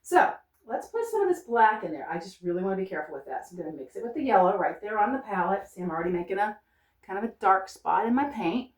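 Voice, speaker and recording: Recorded from afar in a roomy-sounding art studio, a woman narrates her painting as she works in an unscripted demo. Speaking quickly in a sing-song, mid-range voice, she thinks aloud and reminds herself to stay loose and not fuss over details.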